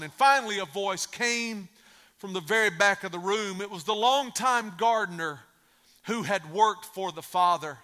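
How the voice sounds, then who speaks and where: A man's voice: high voice, normal speed, bright, forceful tone. A man preaching a sermon, telling a story and stressing his points through repetition. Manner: emphatic, repeats phrases for effect. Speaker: pastor. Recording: long reverb of a large hall.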